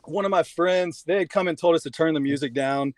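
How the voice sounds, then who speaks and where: A young man from Louisiana, a podcast guest telling a story in a measured, halting way with restarts. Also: a little high, no room sound. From Shreveport, Louisiana, US. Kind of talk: casual podcast chat.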